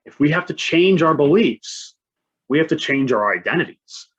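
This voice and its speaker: A man's voice: on the high side, animated, normal speed. A man in his thirties presenting a conference talk, speaking in a conversational way and often asking "right?". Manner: conversational, frequent "right?" tags. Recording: dull lo-fi sound.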